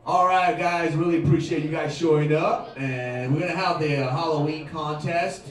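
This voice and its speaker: A man's voice: fairly high pitch, steady tone, normal speed. A man hosting a comedy night, casually introducing the next segment. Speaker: host. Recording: echoey bar from far off.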